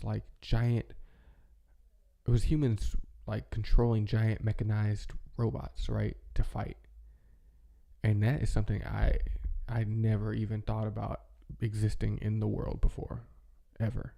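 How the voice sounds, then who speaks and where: A low, gravelly man's voice with a dark tone, talking in a loose, rambling way full of "like" and restarts. He sounds nostalgic and unhurried, a host reminiscing in a relaxed monologue. The delivery stays fairly flat. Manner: rambling, filler-heavy, nostalgic. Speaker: channel host.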